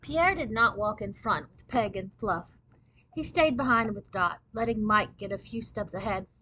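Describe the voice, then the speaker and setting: A woman reading a children's book aloud in clear, steady storybook narration. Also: medium pitch, normal speed, dry recording, poor audio.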